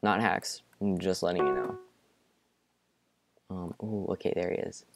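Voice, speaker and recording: A man's voice: sits low, unhurried, gravelly, over music. Jumpy young-sounding gaming commentator, man. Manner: jumpy, panicky outbursts between muttering; drops to a near-whisper at times. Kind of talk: live gameplay commentary.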